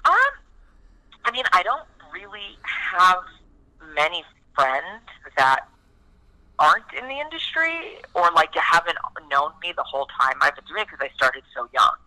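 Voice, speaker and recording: A woman with a very bright, forceful voice talks in a loose, casual interview. She swears freely and peppers every thought with "like". Her rambling speech is full of restarts. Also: on the low side, sing-song, a little slow, low-quality recording. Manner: chatty, swears freely, heavy use of "like". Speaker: guest actress.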